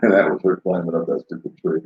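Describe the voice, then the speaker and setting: In a relaxed live-stream chat, an older man with a fairly low voice answers viewers, wandering from point to point, laughing frequently and keeping things slow and steady in tone. The home-recorded audio is roomy, a little dull and lo-fi.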